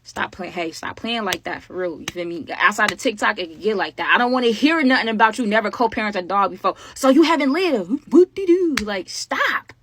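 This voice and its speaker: A young woman, telling a storytime vlog to her viewers in a casual, animated, slangy way. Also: medium pitch, fast, hardly any pauses, slight background noise. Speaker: storytime creator.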